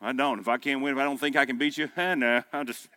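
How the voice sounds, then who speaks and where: A man in his fifties preaching a sermon, with punchy exhortation that drops to quiet storytelling. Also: medium pitch, fairly even intonation, fast talker, no echo. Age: 50s. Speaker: pastor. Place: breakfast meeting room.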